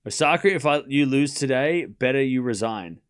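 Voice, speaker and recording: A man's voice: medium pitch, animated, moderate pace, clean tone. An Australian man hosting a live tennis watchalong, chatting casually and replying to his chat. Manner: playful, repeats words, responds to chat. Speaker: livestream host.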